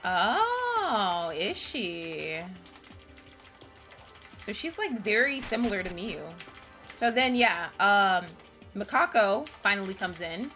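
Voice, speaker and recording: Chatty bright-voiced woman streamer. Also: mid-range voice, lively intonation, measured pace, faint music behind. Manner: chatty, giggly, loose, swears casually. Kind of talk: casual let's-play recap.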